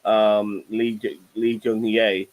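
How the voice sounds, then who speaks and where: A man's voice: lowish voice, takes it slowly, highs cut off. A middle-aged man hosting a casual TV review chat show, rambling and swearing freely. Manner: profane, rambling, animated.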